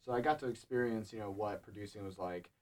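A young man who produces a student show, talking casually in a relaxed, rambling way with many fillers. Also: fairly low pitch, fast talker. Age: young adult. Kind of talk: casual panel chat.

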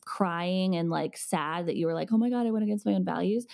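Warm, lower woman giving earnest advice. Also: fairly quick, gravelly. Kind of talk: casual conversation.

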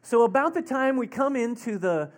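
A pastor preaching a sermon in a relaxed, conversational way, rambling into stories and laughing along. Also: mid-range voice, normal speed.

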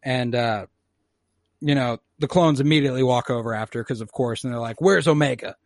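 A man recapping an episode in loose, profane chat, jumping into quick put-on voices for each character. His voice is dry and close, with no room sound. He talks at an even, middling pitch. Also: no echo. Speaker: podcast co-host recapping an episode.

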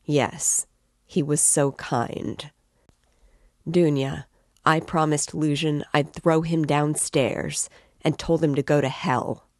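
A woman's voice: sits low, fairly even intonation, slow pace, a little mellow, no echo, studio quality. A woman voicing a tormented, feverish young man who speaks curtly and in a strained, broken way. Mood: irritable.

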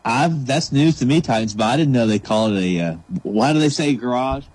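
A man's voice: medium pitch, expressive, darkish tone, dry recording. A man with a mid-range voice who talks sports casually on the radio, often restarting his sentences. The sound is close and dry. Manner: halting, restarting phrases. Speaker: show regular.

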